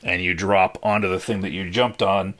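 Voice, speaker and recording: A man narrating a tabletop game as game master, laid-back and pausing often with fillers. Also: deep voice, flat delivery, a bit bright.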